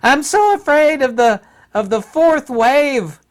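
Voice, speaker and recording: A panicky woman official wails in a shrill, over-the-top voice, her pitch leaping around with mock terror, as a man puts her on to ridicule her. It sounds exaggerated and mocking, pushed far above an ordinary speaking voice. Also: very animated, slow pace, heavily acted.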